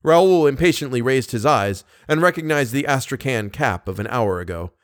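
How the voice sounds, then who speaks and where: A man reading a classic novel aloud in steady, even storytelling narration. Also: mid-range voice, moderate pace, no room sound, clean studio sound. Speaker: audiobook narrator.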